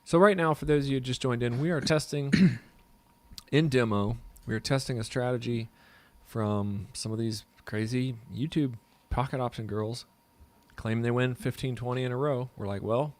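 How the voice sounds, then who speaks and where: A man with a mid-range voice co-hosting a casual chat. He talks in a loose, joking way, pausing and restarting as he thinks aloud. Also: mid-range voice, fairly even intonation, darkish tone. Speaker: co-host.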